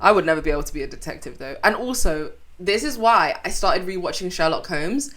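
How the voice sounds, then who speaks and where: A young woman co-hosting a casual podcast chat, always ready to agree and add to her partner's point. Her voice sits slightly low, with a bright, sharp edge. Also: animated. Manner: agreeable, quick to affirm and laugh along. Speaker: podcast co-host.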